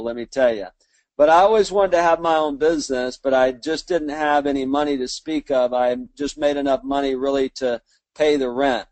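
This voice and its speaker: A slightly high, slightly mellow male voice, recorded with no echo. He's a small business owner in his fifties from Mobile, Alabama, giving a folksy, self-deprecating motivational storytelling speech in a Southern accent.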